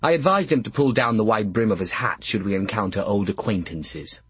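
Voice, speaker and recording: A man's voice: fairly low pitch, fairly quick, hardly any pauses, slightly rough, no echo. A man narrating an audiobook with character voices, in a dry, wry way.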